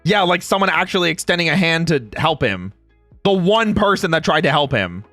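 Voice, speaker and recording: Animated, laughing male streamer. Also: a little high, brisk, no echo, soft background music. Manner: animated ranting with frequent laughter and swearing. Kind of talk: casual livestream chat.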